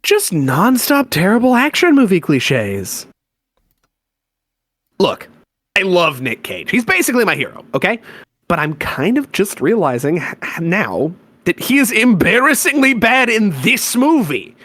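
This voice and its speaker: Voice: mid-range voice, big pitch swings, measured pace, a bit bright, no echo. Someone voicing a sulky, disillusioned teenage boy who rants with sarcastic exasperation. His voice swings widely up and down as he complains. It is recorded dry and close, with no room sound. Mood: ranting. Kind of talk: fan voice-acted comic reading.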